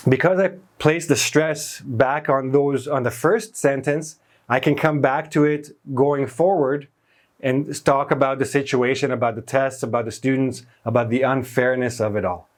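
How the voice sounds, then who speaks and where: A man's voice: medium pitch, fairly even intonation, normal speed. Male teacher, patient grammar lesson, mid-range voice, leans on key words. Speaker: English teacher.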